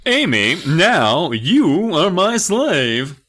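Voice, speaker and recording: A man voicing an evil male ventriloquist dummy, taunting with a put-on gravelly New York rasp and cackling threats. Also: fairly high pitch, big pitch swings, drawn-out words, fairly bright tone, pitched above the performer's own voice, full character voice. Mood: menacing. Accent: put-on gravelly New York or New England.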